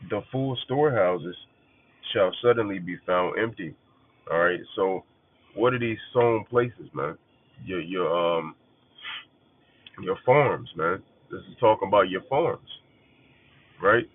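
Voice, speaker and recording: Over a narrow, phone-like line, a male preacher with a low, animated voice takes his time, leaving long pauses. He teaches scripture bluntly and casually, cursing freely and repeating himself for emphasis.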